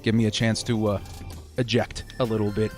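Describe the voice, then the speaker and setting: A man's voice: lowish voice, little pitch movement, brisk, darkish tone, soft background music. A young man hosting a casual fan live stream, upbeat as he reads viewer comments and thanks supporters.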